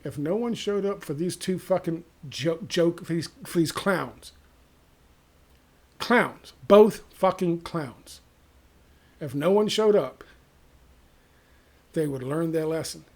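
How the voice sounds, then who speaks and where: Exasperated, foul-mouthed male vlogger, slightly high, raspy voice. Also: takes it slowly, pauses often, darkish tone. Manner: profane, exasperated, sarcastic. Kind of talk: ranting monologue to camera.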